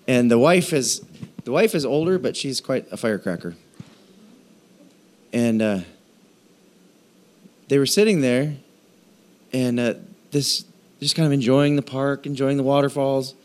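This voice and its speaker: Man preaching with lively storytelling. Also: mid-range voice. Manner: storytelling with animated quoted voices; halting, with fillers and restarts. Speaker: pastor. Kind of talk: sermon.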